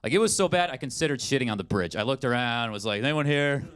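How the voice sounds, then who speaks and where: A man in his twenties performing a stand-up comedy set, telling self-deprecating stories in an animated way. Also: medium pitch, fast talker, clear, resonant tone. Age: 20s. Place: comedy stage in a studio.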